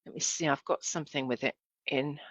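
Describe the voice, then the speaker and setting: A woman's voice: low-pitched, steady tone, brisk, dry recording, poor audio. A woman giving a casual, chatty demonstration lesson as a sewing instructor, correcting herself and asking viewers to look.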